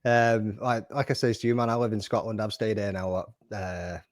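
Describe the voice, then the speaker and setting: A man's voice: fairly low pitch, flat delivery, moderate pace, no echo, clean studio sound. A man with a Northwest English accent hosting a podcast, chatty and matey, often saying "you know what I mean". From Northwest England. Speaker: podcast host. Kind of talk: casual interview chat.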